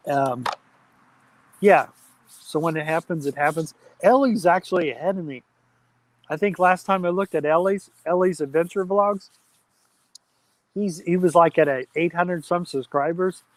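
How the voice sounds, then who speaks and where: A man's voice: fairly high pitch, unhurried, pauses often, no room sound. A man hosting an outdoor campfire live stream, chatting casually and reading viewer comments aloud. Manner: chatty, reads chat aloud, friendly shout-outs.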